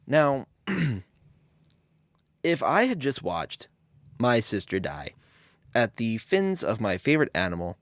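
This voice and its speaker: A man's voice: medium pitch, huge pitch swings, takes it slowly, long pauses, no echo, clean studio sound. A man hosting a podcast, giving a casual film commentary with sarcastic jokes. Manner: sarcastic, joking. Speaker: podcast host.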